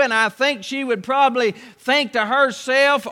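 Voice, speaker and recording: Brief: pastor, man, very high and bright voice, slow folksy sermon, long church reverb. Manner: folksy, storytelling, asks rhetorical questions.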